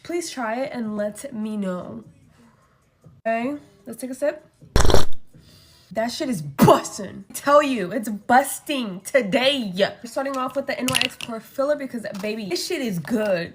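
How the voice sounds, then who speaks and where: A woman's voice: fairly high pitch, normal speed, over loud music. A young woman in her twenties chatting casually and swearing freely while doing her makeup and telling a story. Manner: chatty, profane, animated storytelling. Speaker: beauty vlogger.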